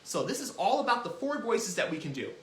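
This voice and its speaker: A man hosting a children's music lesson, talking in an animated, encouraging way and demonstrating as he goes. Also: high-pitched, fairly quick, echoey room. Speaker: children's music teacher and host.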